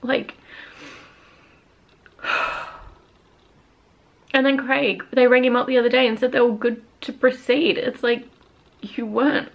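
Gravelly-voiced young woman venting, teary. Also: a little high, little pitch movement, moderate pace, lo-fi sound. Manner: upset, frustrated and venting. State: teary after crying. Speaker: vlogger. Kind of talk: casual personal vlog.

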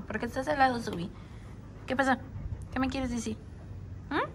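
A woman's voice: high voice, fairly quick, long pauses, noisy background. A woman vlogging casually at home, talking to her pets in cooing baby talk.

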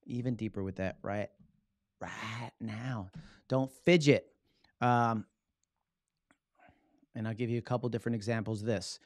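A man giving a casual live-streamed talk on public speaking, lively and acting out his examples. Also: medium pitch, no echo, clean studio sound. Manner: animated, acts out examples with his body; casual, loose phrasing with "right?" tags.

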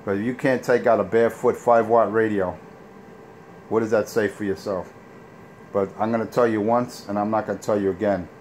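A low-voiced man in a loose, boastful morning rant, trash-talking and bragging. His voice sits deep, and there is a faint hiss behind him. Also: fairly even intonation, brisk, darkish tone. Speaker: CB radio operator ranting on air.

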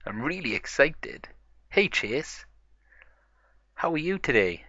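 A man's voice: a little high, sing-song, takes it slowly, pushed and bright, dry recording, lo-fi sound, voice pushed up, heavily acted. A man voicing a cheerful, eager little girl pig who runs a garage, in a toy play story. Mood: excited.

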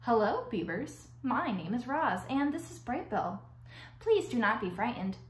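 A woman voicing a calm, polite female robot who speaks in plain, formal words. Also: on the high side, unhurried. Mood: earnest. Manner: formal, plain, careful wording. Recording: echoey room.

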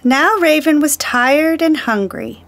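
A woman storyteller reading a children's picture book aloud, slow, gentle and deliberate. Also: high-pitched, creaky.

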